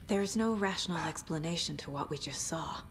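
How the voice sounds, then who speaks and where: A calm female FBI agent. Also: deep voice, a little hiss or hum. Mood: analytical. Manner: calm, reasoning, deliberate.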